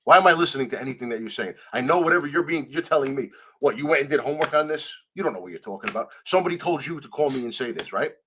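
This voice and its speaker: Man telling a story with animated dialogue. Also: medium pitch, racing, hardly any pauses, a little hiss or hum. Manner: animated, acts out quoted dialogue, swears freely. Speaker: guest. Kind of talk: storytelling in a conversational interview.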